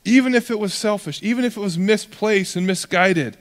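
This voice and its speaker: A young man preaching a sermon as pastor, in a conversational, animated way that acts out characters. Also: sits high, brisk. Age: young adult. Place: church hall. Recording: long reverb of a church hall.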